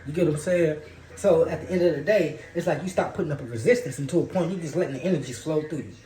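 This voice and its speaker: A man's voice: fairly high pitch, fast talker, warm tone, slight background noise. A man giving a loose, profane, preachy spiritual monologue in casual talk. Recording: roomy echo.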